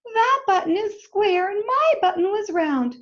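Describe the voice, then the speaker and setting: A fussy little male toad complains in a shrill, whiny voice, as a woman reading aloud puts him on. His pitch leaps high and swoops around. The recording sounds dull and lo-fi. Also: expressive, a little slow. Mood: complaining.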